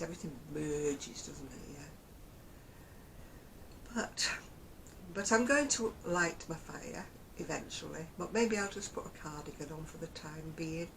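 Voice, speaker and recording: A woman's voice: sits low, creaky, a little hiss or hum, low-quality recording. A woman from Oldham with a Northern English Lancashire accent, chatting casually to camera in a rambling way and often chuckling. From Oldham, England. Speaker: crochet vlogger.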